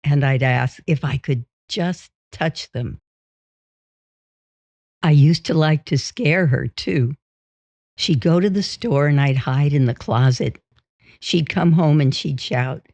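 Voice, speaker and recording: A woman reading a first-person memoir aloud in a steady, unhurried way. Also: low-pitched, no echo. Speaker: audiobook reader. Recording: dull, dry.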